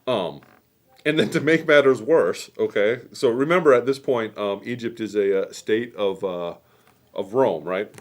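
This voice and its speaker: A man with a lowish voice spins a loose, chatty history tale on a quilting stream. He wanders off into asides and fillers, jumps between excitement and mumbling, and keeps talking as he works. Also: unhurried. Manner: rambling, animated, many fillers and asides. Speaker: host. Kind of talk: casual history storytelling while quilting. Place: quilt shop.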